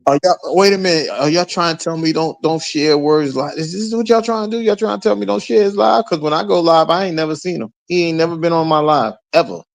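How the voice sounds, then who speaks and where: High voiced black guy on a stream, animated, keeps asking chat stuff, dry sound. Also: creaky, dry recording. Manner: animated, quick reactions and questions to chat. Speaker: livestream co-host. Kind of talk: casual livestream chat.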